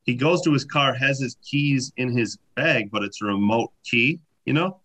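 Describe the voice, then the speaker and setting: A man spins funny anecdotes in a relaxed chat, his voice bright and forward. He talks in loose, animated bursts, padded with fillers and restarts. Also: mid-range voice, moderate pace. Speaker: podcast guest. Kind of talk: casual storytelling.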